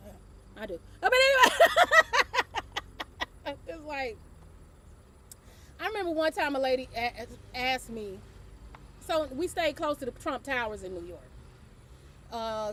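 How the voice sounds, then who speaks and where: A woman's voice: high voice, fairly bright tone, a little hiss or hum. A middle-aged woman hosting her own show, telling a casual story, laughing often and swearing offhandedly. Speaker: host.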